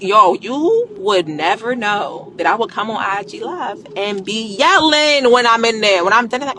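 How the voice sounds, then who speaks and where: A woman talking casually on a live stream, coaching viewers on business and credit in a blunt, animated, slangy way and swearing freely. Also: a little high, moderate pace, few pauses, a crowd in the background.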